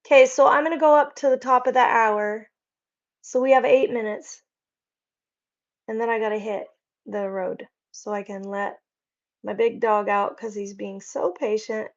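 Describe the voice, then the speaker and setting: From her home, a woman hosts a casual livestream, chatting and reading viewer comments in a friendly, rambling manner. Her voice is fairly high and steady, a little slow, and the recording has its highs cut off.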